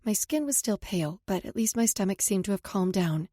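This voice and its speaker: Woman, audiobook narrator, emotive intimate storytelling, mellow voice, dry close studio sound. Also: mid-range voice, lively intonation, brisk, dry recording. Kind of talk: first-person romance audiobook narration.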